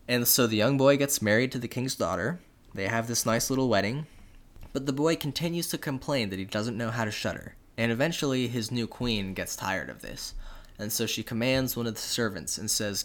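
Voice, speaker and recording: A young man casually retelling a fairy tale as a podcast co-host, with relaxed, jokey asides and frequent fillers. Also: medium pitch, brisk.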